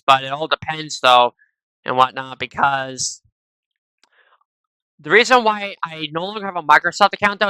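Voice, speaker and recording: Give me a man with a smooth, crisp voice rambling casually to viewers while he plays, dry and close on the mic. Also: fairly high pitch, sharp tone, no room sound, poor audio. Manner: tacks "though" and "and stuff" onto nearly every phrase; chatty, rambling asides to viewers. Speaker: gaming video creator. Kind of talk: casual gameplay commentary. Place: at home, recording at a PC. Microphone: gaming headset.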